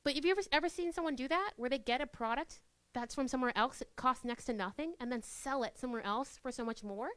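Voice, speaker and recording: A young woman presenting a workshop in a university classroom, lively and chatty, acting out little scenes in quoted voices. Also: high voice, fast talker, clean tone, no echo. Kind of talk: live workshop talk.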